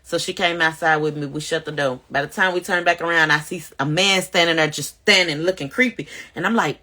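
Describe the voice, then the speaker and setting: A woman tells her own story straight to a phone camera at home. Her voice is bright and pushes forward, sitting a little low. She acts out everyone she quotes and climbs high when the story gets tense. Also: brisk. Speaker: mother of five telling her life story. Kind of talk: casual storytelling vlog.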